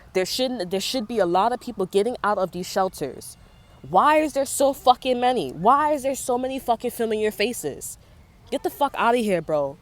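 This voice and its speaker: A pregnant young woman venting in a profane, fired-up casual monologue full of street slang. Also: on the high side. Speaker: vlogger.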